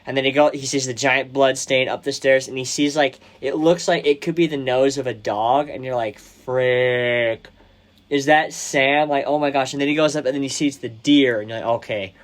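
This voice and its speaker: A young man hosting a podcast, retelling movie scenes casually and excitedly, with slang and lots of "like". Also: medium pitch, brisk, few pauses. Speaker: podcast host. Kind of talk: casual chat about a movie.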